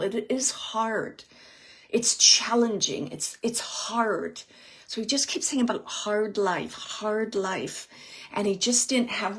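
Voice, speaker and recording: A psychic medium with a medium-pitched voice delivers a live reading to an audience member. Her manner is hesitant and probing, and she repeats phrases as she relays what she hears.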